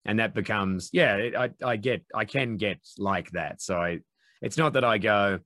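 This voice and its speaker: A man's voice: on the low side, normal speed, fairly bright tone, dry recording, studio quality. A man in casual chat, swearing freely and acting out quotes in mock voices.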